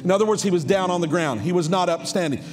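A man, a pastor, preaching a fervent sermon, repeating phrases and building to shouts. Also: sits high, fast. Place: large church sanctuary. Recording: long church hall reverb with music behind.

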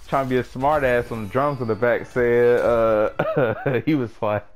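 A man's voice: mid-range voice, unhurried. A young man casually telling a story to friends while gaming, laughing and using slang and swearing. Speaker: gamer chatting with friends. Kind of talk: casual chat over online game. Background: music playing.

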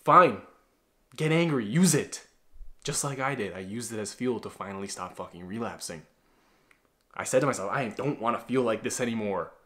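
A man's voice: on the low side, animated, moderate pace, fairly bright tone. A man giving a casual motivational talk to the camera as a self-improvement coach, blunt and profane, calling the viewer bro.

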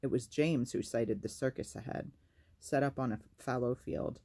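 A man reading a novel aloud as a storyteller, in a measured, even way. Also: mid-range voice.

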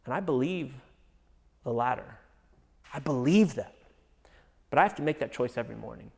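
A man preaching a sermon as a pastor, earnest, often dropping to a soft hush. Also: medium pitch, expressive, moderate pace, creaky, breathy edge, big-room sound. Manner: earnest, drops to a soft hush on reassuring phrases.

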